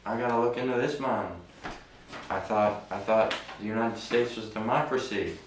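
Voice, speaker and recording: A man's voice: on the low side, normal speed, lightly acted. A man playing a boastful, deposed self-proclaimed king with a mock French accent, rambling and self-important, recorded distant in a noisy, roomy space.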